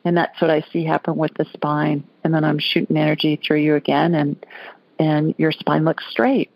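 A woman's voice: low voice, steady tone, normal speed, vocal fry, dry recording, muffled recording. A woman from Alabama hosting a call-in radio show, talking in a chatty, folksy way. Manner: chatty, folksy, laughs easily. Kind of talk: casual call-in chat.

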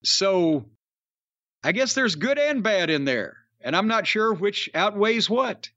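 A man's voice: high-pitched, very animated, takes it slowly, bright, forceful tone, dry recording, muffled recording. A man co-hosting a podcast in a casual way, blunt, profane and sarcastic. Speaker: podcast co-host.

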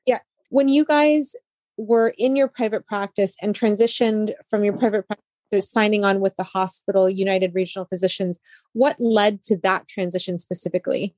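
A woman's voice: mid-range voice, steady tone, normal speed, a little mellow, dry recording. A woman hosting a podcast interview, asking long friendly questions. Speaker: podcast host.

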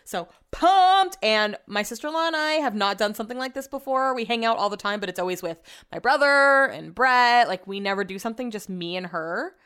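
Woman podcast host, smooth clear voice, casual and profane storyteller. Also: mid-range voice, fairly quick, hardly any pauses. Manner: chatty, profane, animated retelling.

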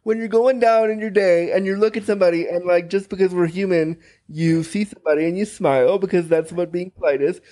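Brief: bright high-pitched male host, teasing and upbeat. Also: steady tone, a little fast, few pauses. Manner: playful, teasing, enthusiastic. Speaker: podcast host. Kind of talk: casual interview chat.

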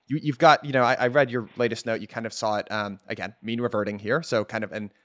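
Male interviewer, brisk pace, loose and casual with fillers. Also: lowish voice, steady tone, fairly bright tone. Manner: casual, filler-heavy questioning. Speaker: interview host. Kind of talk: interview questions.

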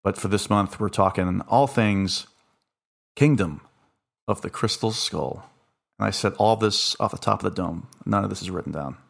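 Male podcast host, low, gravelly, hoarse from a long session; loose, rambling chat. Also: moderate pace. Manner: rambling, signing off with thanks and plugs. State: hoarse, losing his voice.

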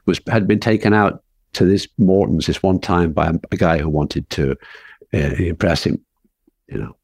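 A man's voice: low-pitched, normal speed, vocal fry, husky, dry recording. A man, a film writer and director, telling anecdotes as a guest in an interview and acting out the people in them. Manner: lively storyteller who acts out the people in his anecdotes. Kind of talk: anecdotal storytelling in conversation.

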